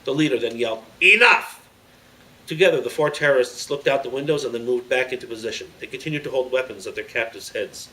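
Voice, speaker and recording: Bright-voiced man reading a story aloud. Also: medium pitch, fairly even intonation, fast, few pauses. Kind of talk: reading a children's book aloud. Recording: slightly distant mic, faint background noise.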